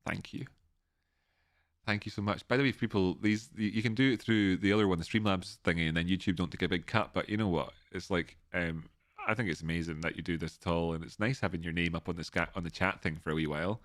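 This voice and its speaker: A man's voice: low-pitched, steady tone, fast, fairly bright tone, no room sound, clean studio sound. A man with an Edinburgh Scottish accent hosting a casual livestream, rambling with frequent restarts as he thanks viewers. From Scotland. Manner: rambling, restarts often, reads out donor messages. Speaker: livestream host.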